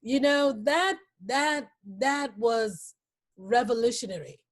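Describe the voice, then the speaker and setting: A woman hosting an interview, halting and emotional, with many pauses and fillers. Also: on the high side, animated, a little hiss or hum. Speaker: talk show host.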